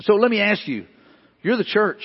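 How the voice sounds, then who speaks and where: A man's voice: high-pitched, animated, moderate pace, husky. A man preaching a sermon as pastor, earnest and emphatic, repeating his points. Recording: dull sound with long hall reverb.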